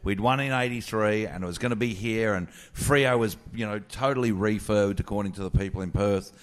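A middle-aged Australian comedian telling crude, animated stories on a live podcast. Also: male voice, on the low side, brisk. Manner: crude, animated yarn-spinning. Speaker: comedian guest.

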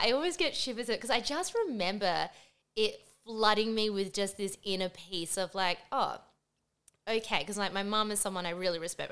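A woman's voice: medium pitch, pushed and bright, smooth. Chatty Australian woman with sing-song rising inflection. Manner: rising upward inflection at phrase ends; chatty, lots of "like" fillers. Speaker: vlogger. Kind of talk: personal storytelling to camera.

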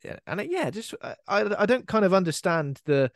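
A man's voice: sits high, big pitch swings, a little fast, creaky, dry recording, studio quality. A man co-hosting a horror film podcast, chatting in a rambling, easygoing way and laughing often. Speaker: podcast co-host. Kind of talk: casual film chat.

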